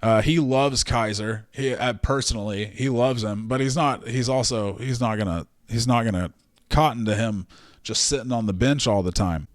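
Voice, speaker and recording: A man's voice: medium pitch, normal speed, dry recording, studio quality. A man hosting a podcast, telling a story casually with lots of fillers and swearing. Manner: profane, animated storyteller with many fillers. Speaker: podcast host.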